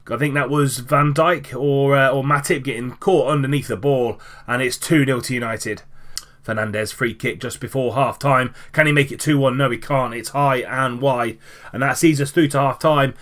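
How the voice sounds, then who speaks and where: A man giving casual play-by-play commentary over a football management game, lively, with many fillers and restarts. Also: medium pitch. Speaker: gaming commentator.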